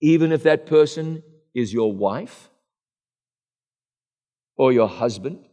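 A man's voice: medium pitch, expressive, slow, mellow. A middle-aged man preaching a sermon in an earnest, rhetorical style, addressing the congregation directly. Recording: long echo of a large hall.

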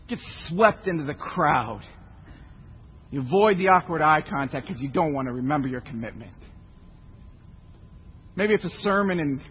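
Husky high male preacher, shouts then hushes, echoey hall, slightly muffled. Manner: impassioned, swinging from shouting to hushed. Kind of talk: sermon.

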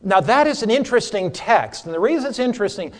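A man teaching an interactive sermon to a church audience, humorous and animated, quizzing listeners for Bible verses. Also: sits high, quick pace, in a large hall. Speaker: preacher teaching a seminar. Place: church or hall before a live audience.

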